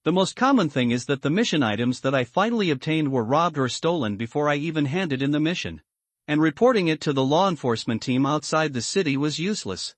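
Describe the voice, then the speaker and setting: A man reading a translated comic story aloud as a recap narrator, in a steady, even manner. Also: a little high, brisk, dry recording.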